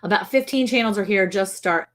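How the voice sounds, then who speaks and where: A woman co-hosting a casual ranch livestream, chatty and quick to laugh, slipping into voices to mimic people. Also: medium pitch, a bit bright. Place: home on a farm.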